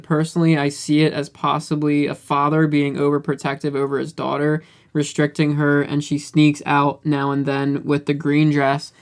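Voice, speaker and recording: A man's voice: a little high, smooth. Jokey man hosting a podcast. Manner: jokey, reads out listener comments. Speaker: podcast host. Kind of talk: casual podcast chat.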